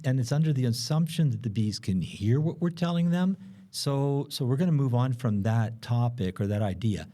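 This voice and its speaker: A man's voice: mid-range voice, warm tone. A man co-hosting a podcast, explaining in a rambling, hesitant way with many fillers. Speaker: podcast co-host explaining bees. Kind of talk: casual explanatory chat.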